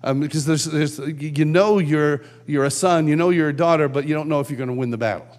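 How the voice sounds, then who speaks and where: A man giving a conversational sermon at a conference, telling stories and acting out shouted quotes. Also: fairly high pitch, brisk. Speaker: conference speaker. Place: large church hall.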